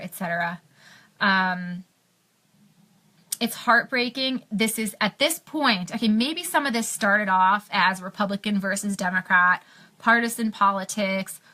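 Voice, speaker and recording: Bright-voiced woman ranting on a live stream. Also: mid-range voice. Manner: impassioned, many fillers and restarts. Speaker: health blogger on a live stream.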